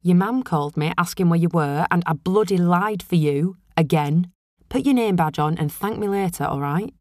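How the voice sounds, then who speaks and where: A woman's voice: on the low side, moderate pace, darkish tone, no room sound, studio quality, close to an everyday voice. A woman voicing an exasperated older female shift manager, scolding a latecomer.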